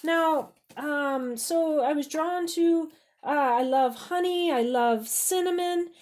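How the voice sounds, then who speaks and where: A middle-aged woman with a fairly high voice talks through tarot cards and recipes in a gentle, unhurried way. She wanders, restarts her sentences and fills pauses with soft ums as she goes. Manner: gentle, meandering, many fillers and restarts, repeats "beautiful". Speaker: tarot reader and cooking channel host. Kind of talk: casual unscripted tarot reading and recipe talk.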